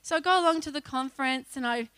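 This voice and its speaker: A woman giving an emotional personal testimony as a church speaker, acting out her own pleas loudly as she tells the story. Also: high-pitched, fast, a little hiss or hum. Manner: emotional storytelling that breaks into loud pleading re-enactments.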